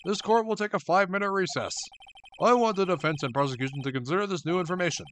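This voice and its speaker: A man's voice: high voice, fast, a bit bright, a little hiss or hum. A man voicing a stern older male courtroom judge in a video game, speaking formally. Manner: formal, officious.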